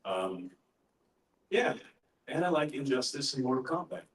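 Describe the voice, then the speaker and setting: A middle-aged man, a voice actor, answering fan questions in a relaxed, anecdotal way at a convention panel. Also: medium pitch, slight background noise. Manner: relaxed, anecdotal, pauses to gather his thoughts. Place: large convention panel room. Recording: echoey hall, voice heard from far off.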